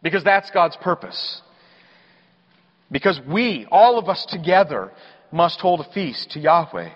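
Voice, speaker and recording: Emphatic high-voiced male preacher in a reverberant hall. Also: very animated, unhurried, lo-fi sound. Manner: emphatic, rising to loud exclamations. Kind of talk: sermon.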